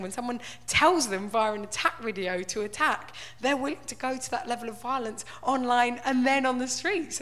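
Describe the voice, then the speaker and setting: Woman comedian, fairly high pitch, conversational and wry on a live stage. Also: a bit bright. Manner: conversational, wry, full of "like" and "right?". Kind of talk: live stand-up style talk.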